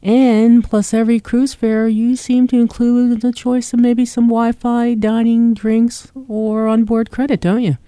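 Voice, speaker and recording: South jersey lady on talk radio, chatty, warm mellow tone. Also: on the high side, little pitch movement, measured pace, hardly any pauses, dry recording. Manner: enthusiastic, chatty. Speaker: radio show host, travel agent. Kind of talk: casual radio chat.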